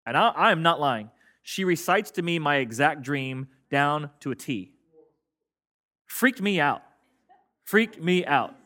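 A male pastor with a bright, slightly high voice preaches in a loose, conversational way, cracking jokes. He leads his congregation through call-and-response lines, and his delivery sounds relaxed and friendly. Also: measured pace, long pauses. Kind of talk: sermon. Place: church sanctuary with congregation.

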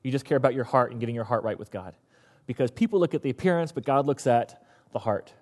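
A man preaching a sermon as pastor, an animated storyteller who acts out the characters. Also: mid-range voice, fast, big-room sound.

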